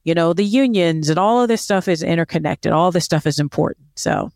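A woman's voice: lowish voice, fairly quick, vocal fry, darkish tone, no room sound, clean studio sound. A woman co-hosting a podcast in casual chat, explaining in an earnest, emphatic way. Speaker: podcast co-host.

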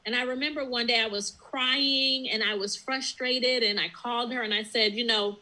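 A woman's voice: fairly high pitch, fairly even intonation, moderate pace, bright, forceful tone, rough recording. A woman who runs her own business, telling her story in an interview in an earnest, reflective way. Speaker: business owner and guest. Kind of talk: interview conversation.

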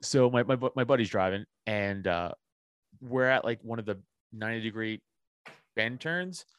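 A man, a podcast guest, telling a story in casual chat, animated and full of swearing. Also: fairly low pitch, moderate pace, clean tone, dry recording, clean studio sound.

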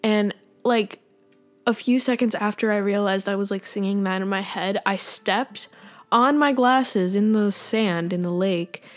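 A woman's voice: mid-range voice, measured pace. A teenage girl hosting a casual faith podcast, rambling and chatty with many fillers and little laughs. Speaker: podcast host.

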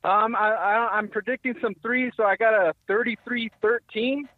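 A man's voice: high voice, steady tone, normal speed, no echo. A man calling in to a sports radio show, hyped and trash-talking as a fan. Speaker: caller. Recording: dry, tinny phone line.

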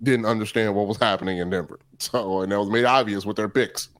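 A man co-hosting a sports podcast, rambling excitedly about basketball in casual chat. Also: on the low side, fast talker, slight background noise. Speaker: podcast co-host.

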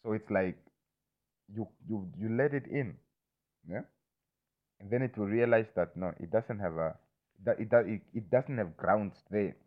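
A man with a lowish voice talks in a loose, rambling way, swearing often and circling back with "you understand me?" The sound is thin and narrow, like it came over a phone line. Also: a little slow, long pauses. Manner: loose, repetitive, swears freely, keeps asking "you understand me?". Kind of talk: casual rambling monologue.

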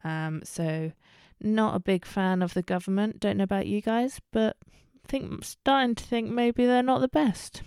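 A woman's voice: medium pitch, fairly even intonation, normal speed, few pauses, darkish tone, clean tone, no room sound, studio quality. A woman hosting a casual solo podcast, chatty and candid, with lots of ums and self-corrections. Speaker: podcast host.

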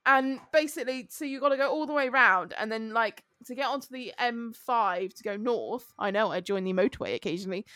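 Animated woman. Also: a little high, brisk, few pauses, no echo. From England. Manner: animated storytelling, swears freely. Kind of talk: casual chat.

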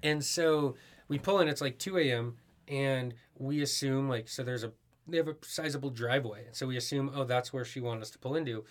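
A man's voice: mid-range voice, a little fast. A man guest on a podcast telling a touring story in casual chat, rambling with many fillers. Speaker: musician guest.

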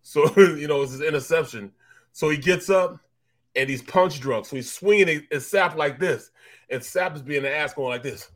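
A man, a former pro football player, co-hosting a sports talk show and telling animated stories, laughing and repeating himself as he goes. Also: a little high, moderate pace. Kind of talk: casual storytelling chat.

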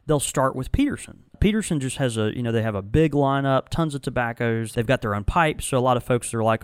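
A man hosting a casual chat, telling stories in a lively, rambling way with many restarts. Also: mid-range voice, a little fast, hardly any pauses, clean tone, dry recording, studio quality. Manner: animated, storytelling with frequent restarts. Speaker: tobacco shop host. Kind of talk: casual conversational review.

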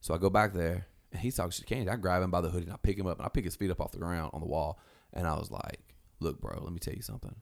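Low, gravelly male storyteller, animated, profane, jumps into character voices. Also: racing, few pauses. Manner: animated, swearing, acts out quotes in raised voices. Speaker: storyteller guest. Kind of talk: casual storytelling.

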